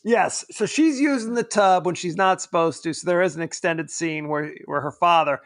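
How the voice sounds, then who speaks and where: A man's voice: high voice, normal speed, a bit bright, no room sound, studio quality. A man co-hosting a podcast, chatting casually and jokingly about a film, laughing often. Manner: joking, laughs often, puts on silly voices. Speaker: podcast co-host. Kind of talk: casual film review chat.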